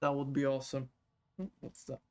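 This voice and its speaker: A man's voice: mid-range voice, completely flat delivery, fairly quick, mellow. A man streaming live, chatting casually, reading viewers' messages aloud, rambling and swearing with frequent laughter. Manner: rambling, profane, laughs often, reads chat aloud.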